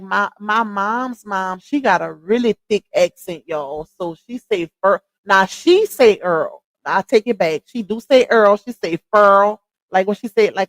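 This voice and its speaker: A woman's voice: mid-range voice, dry recording. Chatty Louisiana woman streaming live. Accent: Louisiana Southern. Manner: chatty, laughs often, talks to chat. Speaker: livestream host. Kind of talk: casual livestream chat.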